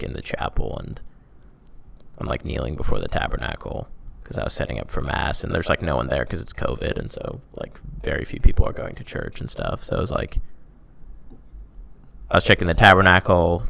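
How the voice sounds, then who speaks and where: A young man with a deep voice and a gravelly, fry-laden edge tells a long story in casual podcast chat. He rambles, peppers every sentence with "like", and now and then pokes fun at himself. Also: very animated, brisk, a bit bright. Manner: rambling, heavy use of "like", self-mocking. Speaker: podcast host telling his faith story.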